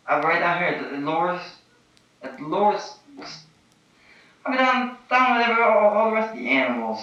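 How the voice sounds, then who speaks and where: A man with a high, swooping voice rambles in a slow, giggly drift, looping back on the same words. He sounds bright and edgy, heard from some distance in a very echoey room on a dull, muffled old tape. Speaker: documentary subject. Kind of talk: candid rambling monologue.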